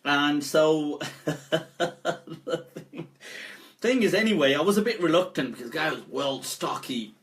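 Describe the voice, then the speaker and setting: Animated, laughing storyteller man. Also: a little high, fairly quick, few pauses. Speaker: Islamic scholar. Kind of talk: live-stream talk.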